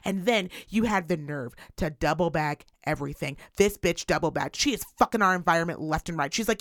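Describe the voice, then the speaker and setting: Female co-host, profane and animated, swings her pitch widely, dry close mic. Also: normal speed, hardly any pauses, no echo. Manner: animated, profane, acts out voices. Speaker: podcast co-host. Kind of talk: casual chat, storytelling rant.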